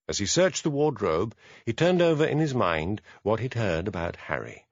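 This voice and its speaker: A man narrating a mystery audiobook in a measured storytelling manner. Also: on the low side, big pitch swings, no echo, highs cut off. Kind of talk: scripted narration.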